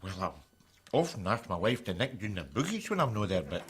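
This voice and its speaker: A sarcastic Glaswegian layabout. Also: male voice, lowish voice, big pitch swings, fairly quick, slight background noise. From Glasgow. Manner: sarcastic, mocking asides. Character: scruffy sarcastic Glaswegian man, crude and blunt. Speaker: sitcom character. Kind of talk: sitcom acting. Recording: TV clip with music over it.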